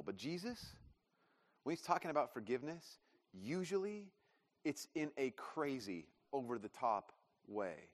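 Chatty pastor preaching in a big hall. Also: male voice, a little high. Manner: conversational, self-deprecating, acts out dialogue. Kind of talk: sermon. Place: church auditorium. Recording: long reverb of a church hall.

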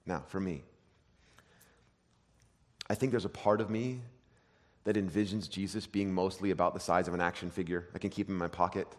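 A pastor in his thirties giving an animated sermon full of self-deprecating stories. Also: low voice, fast, in a large hall.

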